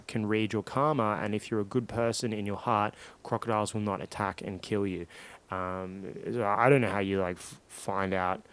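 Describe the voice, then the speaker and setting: A man co-hosting a comedy podcast, telling a story in a lively, casual way and acting out other people's lines. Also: lowish voice, clear, resonant tone. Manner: animated, acts out other people's lines in quotes.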